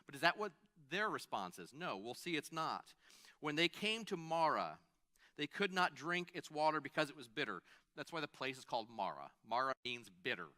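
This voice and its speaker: A man's voice: a little high, sing-song, normal speed, bright, forceful tone. A man preaching a sermon in a conversational way, stopping to restart phrases and add asides. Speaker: pastor.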